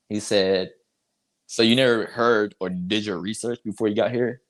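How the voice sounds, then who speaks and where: A man's voice: lowish voice, normal speed. A young man from North Carolina, a basketball player telling a story in a casual interview, acting out quotes and laughing.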